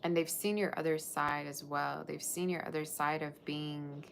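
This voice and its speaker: Low, gravelly-voiced woman reading tarot. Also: steady tone, moderate pace, a bit bright, a little hiss or hum. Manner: chatty, rambling, answers chat comments. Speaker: tarot reader. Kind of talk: live tarot reading for viewers.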